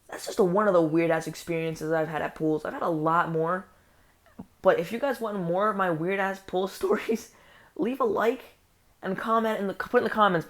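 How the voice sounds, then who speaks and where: A woman telling a story for her vlog, rambling, swearing a lot and sounding incredulous. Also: on the low side. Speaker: vlogger. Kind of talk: casual story time.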